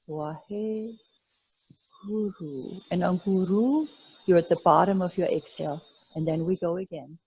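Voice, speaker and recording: A woman teaching a yoga class, guiding breath and meditation in a slow, calm, soothing way. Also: fairly low pitch, breathy edge, low-quality recording. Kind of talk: guided yoga instruction.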